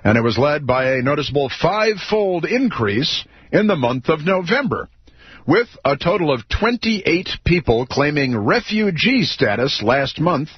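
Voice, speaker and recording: Sarcastic husky talk radio host. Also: male voice, mid-range voice, no room sound. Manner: sarcastic, mocking, combative. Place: radio studio. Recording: dry, slightly dull studio audio.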